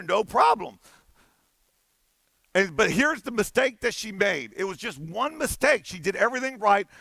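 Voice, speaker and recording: A man on a conference stage tells a story, animated and playful, slipping into the voices of the people in it. His voice sits high and bright with a gravelly edge. The sound is dry and close. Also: no room sound. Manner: animated, playful, acts out dialogue. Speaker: conference keynote speaker.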